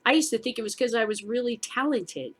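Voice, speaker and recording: A woman's voice: on the high side, expressive, brisk, fairly bright tone, husky. A middle-aged woman hosting her own show, ranting in a furious, profane casual vlog. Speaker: show host. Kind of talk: angry casual vlog rant.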